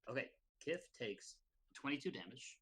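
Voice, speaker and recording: A man running a tabletop game as game master, giving brisk, matter-of-fact rulings. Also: mid-range voice, big pitch swings, a bit bright, slightly rough.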